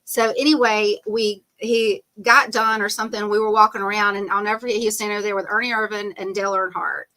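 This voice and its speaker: A woman's voice: medium pitch, level tone, fast talker, pushed and bright. A middle-aged woman telling her story as a podcast guest, chatty and rambling, with lots of "um" and "like" and frequent laughs. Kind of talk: casual storytelling interview.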